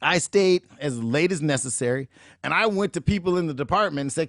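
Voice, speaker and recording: A middle-aged man hosting a show, telling a motivational story in an animated, emphatic way and acting out the dialogue. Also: fairly high pitch, fairly quick, no echo, clean studio sound. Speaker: show host, motivational speaker.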